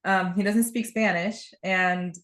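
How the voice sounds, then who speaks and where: A woman's voice: medium pitch, steady tone, takes it slowly, a bit bright. A woman guest in a casual podcast conversation, talking in a chatty, rambling way and laughing often as she tells stories.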